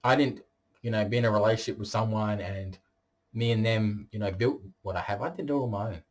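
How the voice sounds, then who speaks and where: A man's voice: fairly low pitch, a little fast. A man talking straight to camera in a vlog monologue, blunt and boastful and swearing freely. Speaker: vlogger.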